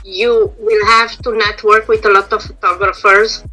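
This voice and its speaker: A middle-aged woman who works as a makeup and prosthetic artist gives frank, explanatory advice in a casual video-call interview, restarting phrases as she goes. Her medium-pitched, fairly flat voice moves at normal speed, sounding pushed and bright, and a bit strained since she is losing it. The recording is rough, with faint music behind her.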